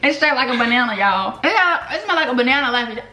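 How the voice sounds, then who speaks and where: A young woman vlogger talks through a snack tasting in a squeaky, high-energy, joking way. Her voice sits high and bright and swoops up and down a lot. The room is echoey. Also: animated, fast. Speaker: YouTube vlogger. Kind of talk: casual snack taste-test chat.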